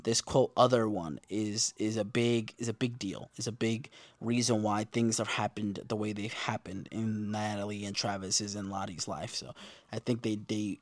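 A young man casually recapping TV episodes from his notes, slangy and profane, with lively asides. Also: on the low side, normal speed, no echo. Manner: slangy, profane, animated storytelling. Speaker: show recap host.

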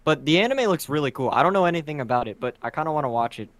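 A man's voice: on the high side, lively intonation, racing, no room sound. A young man co-hosting a podcast, chatting casually and rambling as he hunts for words. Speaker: podcast co-host. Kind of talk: casual chat.

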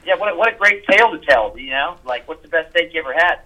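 A man guesting on a podcast, talking in an animated, emphatic way with lots of swearing and quick restarts. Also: fairly high pitch, poor audio. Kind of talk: casual podcast conversation.

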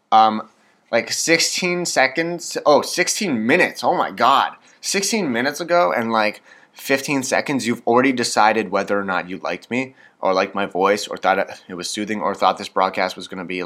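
Hosting a solo podcast while hyped up on coffee, a man in his 20s with a Canadian accent rambles casually, pokes fun at himself, and uses lots of fillers. He speaks at normal speed in a lowish, expressive, slightly bright voice.

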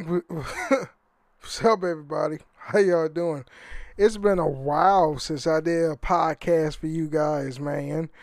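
Male podcast host, high voice, dry close sound, casual rambling chat with swearing. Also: steady tone, slow pace, darkish tone, no room sound. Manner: loose and rambling, swears, laughs at himself.

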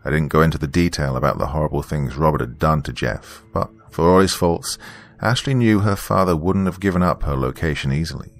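A man narrating a first-person story in a dramatic, expressive storytelling manner. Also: very deep voice, fairly quick, few pauses. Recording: faint background music.

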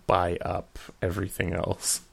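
Man, young adult, podcast co-host, heavy vocal fry, rambling crude chat. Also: deep voice, monotone, unhurried. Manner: rambling, crude joking with frequent fillers.

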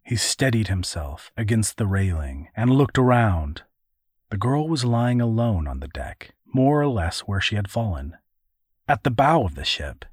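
Slow, husky male storyteller. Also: fairly low pitch, no echo, studio quality. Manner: measured, even storytelling. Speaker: narrator. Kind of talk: scripted audiobook narration.

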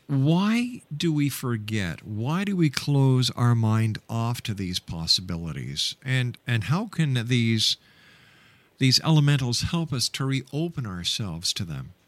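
A man's voice: medium pitch, big pitch swings, slow pace, no echo. A man from Canada hosting a radio talk show, speaking in an emphatic, announcer-like way from a studio microphone.

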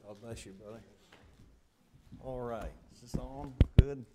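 An older man with a Southern accent stands at a church pulpit microphone. He tells folksy stories with a joking drawl. He has a middle-pitched voice, and the congregation calls back around him. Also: a little slow, mellow. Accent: Southern US, Deep South Alabama. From southern United States. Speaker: visiting preacher. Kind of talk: folksy sermon introduction. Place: church sanctuary.

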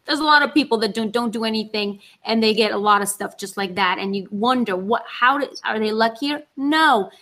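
An actress in casual conversation, animated and talking in quick rushes. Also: female voice, on the high side. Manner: animated, talks in rushes, acts out her inner voice.

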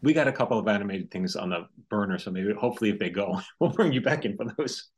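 A man's voice: on the low side, animated, quick pace, slightly rough. A man hosting a podcast interview, asking rambling questions that often restart midway. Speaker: podcast host. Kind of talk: casual interview chat.

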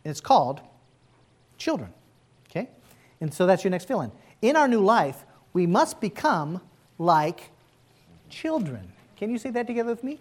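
A man preaching a sermon as pastor, conversational and animated, asking the congregation to answer back. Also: high-pitched, normal speed, pauses often.

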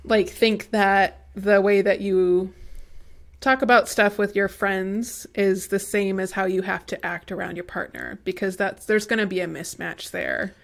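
A woman's voice: mid-range voice, fairly even intonation, unhurried. A young woman co-hosting a podcast in casual chat, talking with lots of likes and ums and laughing often. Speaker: podcast co-host.

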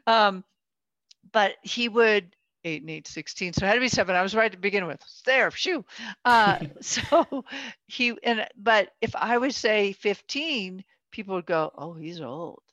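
A woman's voice: mid-range voice, a little slow, fairly bright tone, no room sound. A woman in her sixties in casual conversation, telling stories chattily, acting out quotes and laughing often. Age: 60s. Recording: dull dry lo-fi sound.

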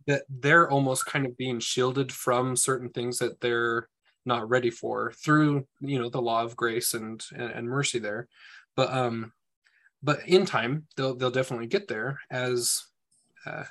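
A man of ordinary pitch who speaks in a thoughtful, reflective way and carefully hedges what he says. He shares his view in a relaxed group discussion. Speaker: temple worker.

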